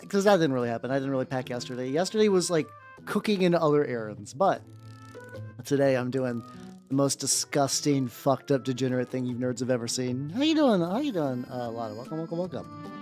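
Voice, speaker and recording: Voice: medium pitch, darkish tone. A streamer chatting casually while painting miniatures, rambling, greeting viewers and swearing now and then. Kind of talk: casual livestream chat.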